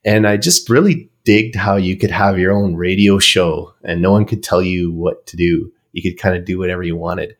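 A man's voice: low voice, fairly even intonation, normal speed, hardly any pauses. A man being interviewed on a podcast, telling long stories in a chatty, rambling way with filler words. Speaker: podcast guest. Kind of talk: casual storytelling in an interview.

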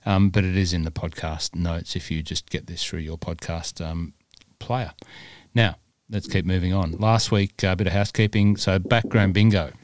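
Deep-voiced man rambling on a podcast. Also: fairly even intonation, moderate pace. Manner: rambling, lots of fillers. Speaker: podcast co-host. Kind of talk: casual chat.

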